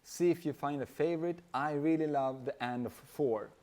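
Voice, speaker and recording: A man giving a relaxed drum lesson, counting beats aloud and singing the rhythms as he plays. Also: on the high side, moderate pace, very noisy. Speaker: drum teacher. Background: hand drum playing.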